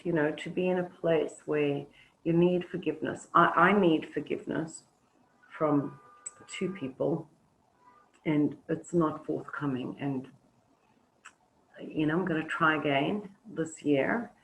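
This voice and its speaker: A woman teaching an online webinar, talking reflectively with halting pauses and fillers over a video call. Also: deep voice, creaky, slight background noise, rough recording. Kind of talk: webinar talk with storytelling.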